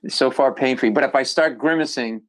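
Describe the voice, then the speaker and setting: Man, comedian guest, animated storytelling, acts out quotes, mid pitch, podcast studio. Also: a little fast, poor audio.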